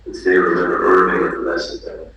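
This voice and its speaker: A low-voiced man officiates at a funeral and reads out the family in a halting, measured way. His voice has a crisp, bright edge. He is picked up from a distance in a very echoey room with faint noise behind. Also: completely flat delivery, lo-fi sound. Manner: halting, with restarts and fillers. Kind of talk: funeral address.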